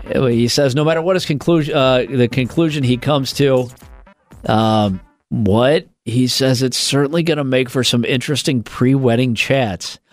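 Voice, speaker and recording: A man's voice: medium pitch, normal speed, no room sound, soft background music. A man co-hosting a casual comedic chat show, reading out stories and riffing profanely, acting out quoted voices. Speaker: podcast co-host.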